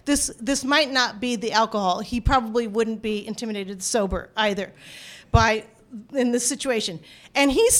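A woman from the United States telling a personal family story in an animated, wry manner. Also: sits high.

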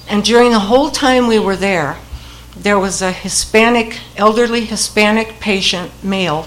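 A woman's voice: mid-range voice, fairly bright tone, a little hiss or hum, poor audio. An older woman telling a personal family story in a wry, humorous way, laughing at the funny moments as she goes.

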